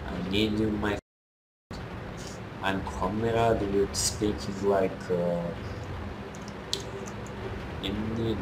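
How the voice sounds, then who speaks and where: A man's voice: lowish voice, steady tone, extremely slow, pauses often, roomy sound, heavy background noise. A young man giving rambling, teasing gameplay commentary with non-native phrasing. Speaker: gamer.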